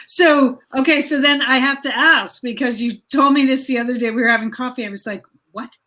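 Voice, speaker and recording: A woman hosting a casual interview, asking chatty, quick questions. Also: high voice, pushed and bright. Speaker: interviewer host.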